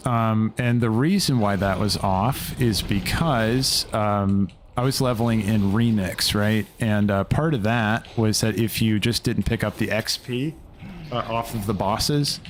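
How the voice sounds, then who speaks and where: A man's voice: lowish voice, fairly even intonation, unhurried, a little hiss or hum. A young man streaming a video game live, chatting loosely and rambling, swearing casually as he plays.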